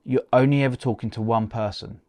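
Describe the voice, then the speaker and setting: A man co-hosting a podcast, giving practical advice in a relaxed, chatty way and often restarting words. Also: mid-range voice, brisk, no room sound. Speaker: podcast co-host. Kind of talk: casual advice chat.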